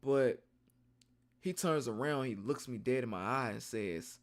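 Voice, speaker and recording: A young man streaming, telling a rambling story in a casual, slangy and animated way. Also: mid-range voice, measured pace.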